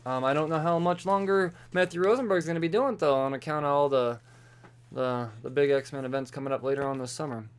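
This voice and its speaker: A man's voice: on the high side, fairly quick, clean tone. A young man hosting a solo comics podcast, rambling loosely and swearing freely while he sums up the week's issues, a little tipsy from beer. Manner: loose and profane, quoting characters in offhand voices. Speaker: podcast host reviewing comics. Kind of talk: casual solo podcast chat.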